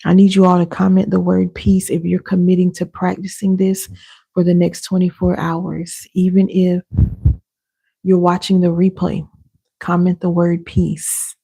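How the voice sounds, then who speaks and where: A woman working as an inner healing coach, hosting a live session and talking viewers through slow affirmations and deep breaths in a casual, direct way. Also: creaky, dark tone, breathy edge.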